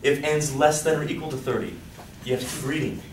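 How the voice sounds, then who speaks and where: Animated male lecturer, teasing his class; roomy, distant sound with faint hiss. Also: a little high, quick pace. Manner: animated, joking, asks class questions. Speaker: college statistics teacher. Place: lecture hall. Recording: echoey hall, voice off-mic, faint hiss.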